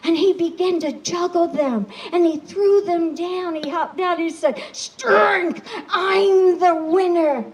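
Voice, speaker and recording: A woman telling a fable at a rally, slow and dramatic, sometimes dropping to a whisper. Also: very high voice, warm tone, rough recording. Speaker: storyteller at a rally. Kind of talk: oral storytelling, fable.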